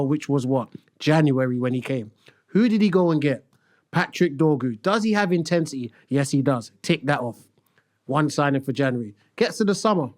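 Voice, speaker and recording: A young man, a podcast co-host ranting in casual football chat. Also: a little high. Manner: animated, exasperated ranting.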